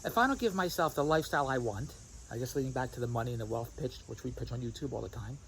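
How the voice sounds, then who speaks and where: A man's voice: mid-range voice, fast talker, slight background noise, low-quality recording. A man vlogging outdoors at a restaurant, rambling and repeating himself, laughing at his own points, with insects chirping behind him. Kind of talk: rambling casual vlog monologue. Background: crickets and insects.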